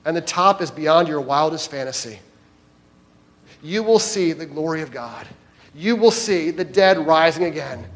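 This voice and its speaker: Fairly high-voiced man preaching with dynamic swings. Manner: swings between loud emphatic lines and hushed soft ones. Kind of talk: sermon.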